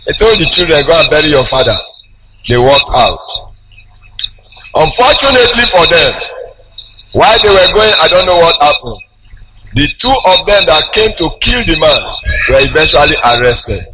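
A man preaching a sermon, slow and emphatic, with big swings in pitch as he tells a story. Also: big pitch swings. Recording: noisy background with clicks.

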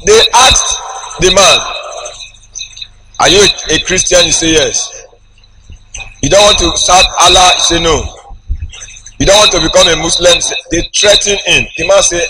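A man preaching a sermon, slow and emphatic, with big swings in pitch as he tells a story. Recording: noisy background with clicks.

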